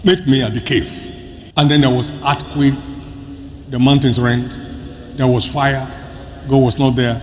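A man preaching a sermon as pastor, emphatic, with sudden loud bursts and soft drops. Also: a little high, lively intonation, slow pace, long pauses. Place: large church hall. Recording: large hall, reverberant, faint room noise.

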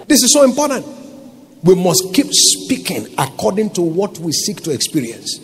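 A man's voice: high-pitched, wildly swooping pitch, normal speed, slight background noise. A Nigerian man preaching a sermon as pastor, emphatic and calling out to his congregation for responses.

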